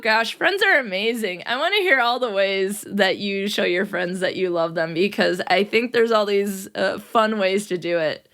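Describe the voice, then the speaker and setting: Young adult woman, teacher-host of a chatty solo podcast, upbeat and quick to laugh. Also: medium pitch, lively intonation, a bit bright. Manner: upbeat, laughs often, playful quoted voices. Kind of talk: casual solo podcast talk.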